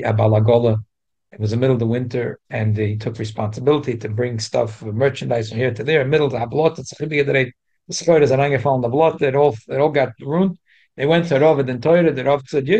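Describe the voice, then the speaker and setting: A man teaching a Torah class in an animated way, repeating key points for emphasis. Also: medium pitch.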